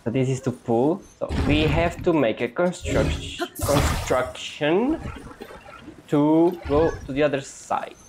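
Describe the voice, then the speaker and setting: A woman's voice: low-pitched, animated, slow, noisy background. A young woman chatting casually as she plays a video game, thinking aloud in a playful way. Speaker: gaming channel host. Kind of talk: casual gameplay commentary.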